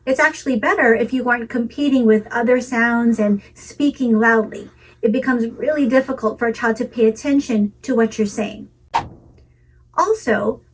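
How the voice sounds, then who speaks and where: A woman giving a calm, measured talk with practical tips for parents, in a melodic teaching delivery. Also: on the high side, recorded from a distance, rough recording. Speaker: parenting educator. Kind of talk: scripted instructional talk.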